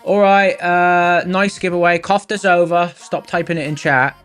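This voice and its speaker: A man's voice: high-pitched, normal speed, a bit bright, clear, resonant tone. A man from England hosting a live stream, chatting casually and reading out viewer comments with lots of fillers. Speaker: livestream host. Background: faint background music.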